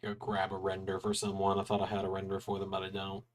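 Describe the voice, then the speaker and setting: A man's voice: sits low, completely flat delivery, fast, slight background noise. A young man hosting a casual livestream from his apartment, chatting loosely while he works and yawning now and then. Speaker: streamer hosting a watch-along.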